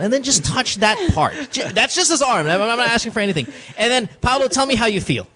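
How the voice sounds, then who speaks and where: A man's voice: very high-pitched, big pitch swings, fast talker, hardly any pauses, pushed and bright. A man hosting a casual advice show, brash, teasing and emphatic as he gives tips. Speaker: host.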